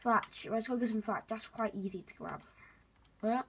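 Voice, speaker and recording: Her voice is fairly high and a bit bright with a breathy edge, moving at normal speed. She's hosting a gaming video, rambling and chatting with viewers as she plays.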